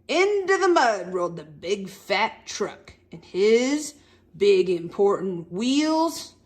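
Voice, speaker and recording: A woman reading a picture book aloud to young children at storytime, animated, asking them questions and making the animal sounds. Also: medium pitch, takes it slowly. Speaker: storytime reader.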